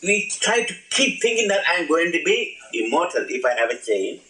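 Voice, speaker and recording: A man's voice: a little high, sing-song, brisk, sharp tone. A man giving an informal spiritual talk, playful and laughing, asking his audience questions. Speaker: spiritual teacher. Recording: echoey room, old archive recording.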